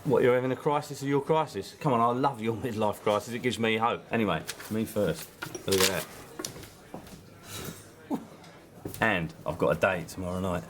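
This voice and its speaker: A lower-voiced man, talking with wry, self-deprecating humour. He sounds like a sitcom lead, and there is a faint hiss under his voice. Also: moderate pace, pauses often. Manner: wry, self-mocking banter. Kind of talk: scripted sitcom dialogue.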